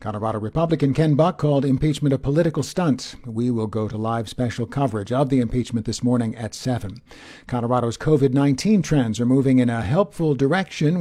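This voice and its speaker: A man reading a radio newscast as the anchor, in a measured, even delivery. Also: mid-range voice.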